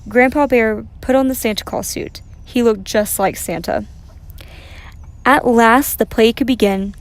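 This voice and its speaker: A woman reading a children's story aloud, gentle and expressive. Her voice sits a little high for a woman, clear and friendly. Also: unhurried, dry recording.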